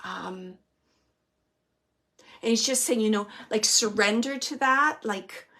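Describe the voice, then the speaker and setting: A woman working as a medium, giving a live online reading from home in a gentle, reassuring way with many fillers and restarts. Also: a little high, slow. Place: home, with a small dog nearby.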